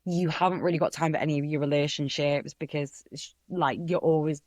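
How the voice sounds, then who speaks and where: A woman's voice: low-pitched, brisk, dry recording. Chatty young woman with a Hull accent. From Hull, England. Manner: chatty, animated storytelling. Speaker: guest actor. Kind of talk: casual podcast chat.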